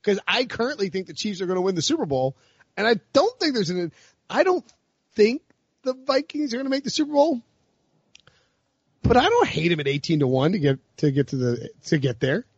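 A man hosting a casual sports betting chat, talking quickly with frequent restarts and laughs. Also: sits high, sing-song, husky, no room sound, dull audio. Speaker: podcast host.

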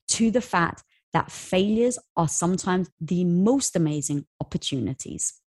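A woman in her thirties, a company co-founder and guest, telling an animated story about her business with breathy, quick bursts. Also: medium pitch, no echo, studio quality. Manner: animated, rushes through exciting parts. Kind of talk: storytelling interview answer.

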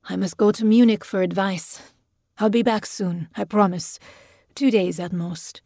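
A woman's voice: mid-range voice, a little slow, gravelly, warm tone, no echo, clean studio sound. A woman voicing a drunk, jovial, overbearing middle-aged man who talks in a slurred, teasing way. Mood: wheedling.

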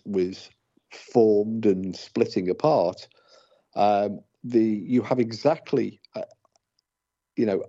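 Hesitant man with a mellow, husky voice. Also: lowish voice. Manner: hesitant, many fillers and restarts. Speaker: paranormal investigator, co-host. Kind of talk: casual radio talk. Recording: dull lo-fi radio audio.

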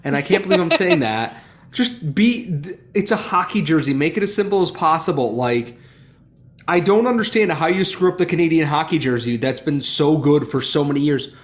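A man with a fairly high voice that swings widely in pitch. He rants in a loose, joking way, exasperated and animated, like a co-host venting on a sports podcast. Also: normal speed. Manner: animated, ranting, exasperated humor. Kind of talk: casual sports chat.

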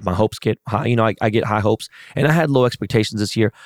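A man's voice: lowish voice, fast, no echo, studio quality. A middle-aged man in a casual, profane rant, venting about a loss. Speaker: sports fan.

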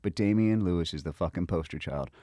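A man's voice: low voice, fast talker, dark tone, no echo, clean studio sound. An American man, an actor, talking casually as a guest, with emphatic, profane ranting. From United States. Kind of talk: casual conversation.

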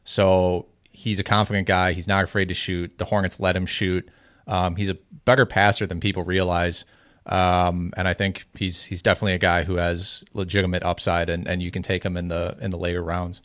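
A man analysing fantasy basketball picks in a casual podcast chat, measured and hesitant with many fillers. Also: low voice, little pitch movement, a bit bright, no room sound, studio quality.

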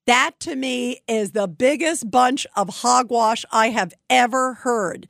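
A woman's voice: a little high, takes it slowly, creaky, hardly any pauses, a bit bright, dry recording, studio quality. A woman giving emphatic, indignant political commentary. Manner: indignant, emphatic, mocking quotes. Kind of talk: opinion commentary.

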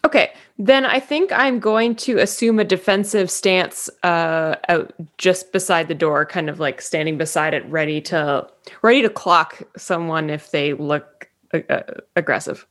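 A woman's voice: fairly low pitch, a little slow, fairly bright tone. A woman playing a tabletop game, casually asking questions and describing her moves. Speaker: player.

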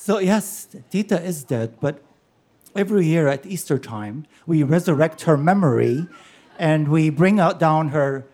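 A man in his sixties telling a personal story on stage, animated and laughing as he goes. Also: fairly high pitch, a little slow.

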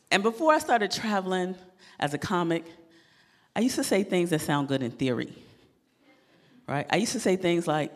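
A woman comedian performing a stand-up set, animated and laughing at her own jokes, on a club stage mic. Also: lowish voice, big-room sound.

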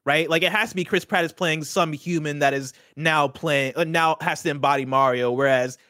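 A man's voice: on the high side, steady tone, moderate pace, sharp tone, no room sound, studio quality. A man co-hosting a casual chat show, earnestly laying out a theory with many restarts. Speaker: show co-host.

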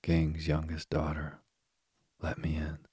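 A man voicing a small, insistent male frog in a calm, low, unhurried storybook reading. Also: slightly rough, no echo, studio quality, full character voice. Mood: pleading, insistent.

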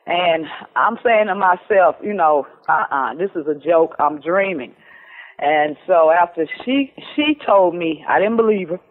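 A middle-aged woman telling her own story in casual talk, lively and acting out what people said, with plenty of "you know" and "um". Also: on the low side, unhurried. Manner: lively, acts out quoted dialogue, many fillers. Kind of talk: casual storytelling over the phone. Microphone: telephone. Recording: tinny phone line.

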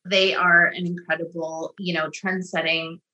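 Enthusiastic bright woman in echoey room. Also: lowish voice, level tone, normal speed, highs cut off, slight background noise. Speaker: business owner guest. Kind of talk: casual interview chat.

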